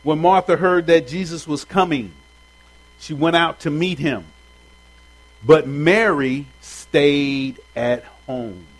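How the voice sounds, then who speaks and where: A man's voice: on the high side, takes it slowly, low-quality recording. Man teaching a casual Bible lesson. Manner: conversational, with street slang; chats directly with the audience. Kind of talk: informal Bible lesson to a group.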